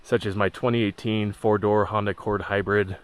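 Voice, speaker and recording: A man narrating his long-distance hike in a dry, deadpan vlog style, delivering jokes flatly. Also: fairly low pitch, fairly quick. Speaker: hiking vlogger. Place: outdoors on a mountain trail.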